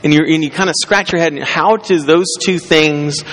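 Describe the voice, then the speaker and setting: A man's voice: on the high side, moderate pace, a bit bright. Man preaching in an echoey hall. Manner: conversational preaching with many restarts and fillers. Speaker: pastor. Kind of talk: sermon.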